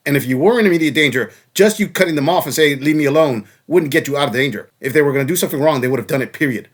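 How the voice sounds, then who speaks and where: Fast-talking blunt male commentator. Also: a little high. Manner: blunt, mocking, lecturing. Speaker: commentary channel host. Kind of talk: sarcastic reaction commentary.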